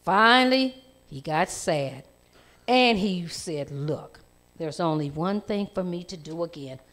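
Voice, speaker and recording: Lively woman telling a children's story. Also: lowish voice, slow. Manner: animated storytelling with lively voice changes. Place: church.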